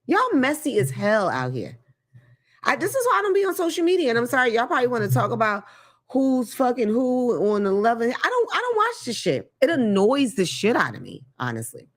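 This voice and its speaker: Animated, profane woman host. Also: on the high side, fairly quick. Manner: blunt, profane, animated, laughs often. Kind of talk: casual commentary monologue.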